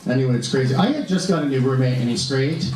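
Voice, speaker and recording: A man doing stand-up comedy in a comedy club, camp and animated, bantering with the audience. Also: medium pitch, fast, over music. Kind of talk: stand-up comedy with crowd work. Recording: echoey club heard from a distance, audience laughter. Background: audience laughing.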